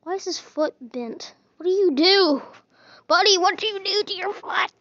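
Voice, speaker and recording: A woman's voice: very high voice, animated, normal speed, fairly bright tone, dry recording, highs cut off. A woman giving casual, playful gameplay commentary, teasing and chatting to the characters in her game. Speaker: gaming video host.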